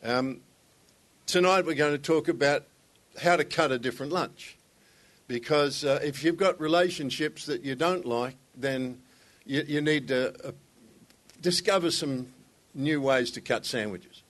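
A man with a slightly raised pitch gives a church talk in a relaxed, folksy storytelling manner. He speaks conversationally and sometimes restarts his sentences. He builds to a practical point about relationships. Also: a little slow. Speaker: guest speaker. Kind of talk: sermon with joke.

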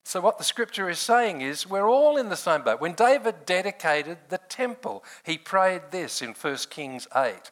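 Lively older man preaching a sermon. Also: high-pitched, normal speed, few pauses, poor audio. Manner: animated and conversational, often laughing, addresses people in the room by name.

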